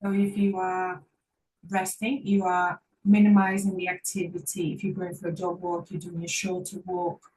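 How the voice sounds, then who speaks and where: A woman's voice: on the low side, little pitch movement, moderate pace, darkish tone, recorded from a distance, slight background noise, low-quality recording. A woman physiotherapist giving an online workshop talk, speaking earnestly and encouragingly and repeating phrases for emphasis.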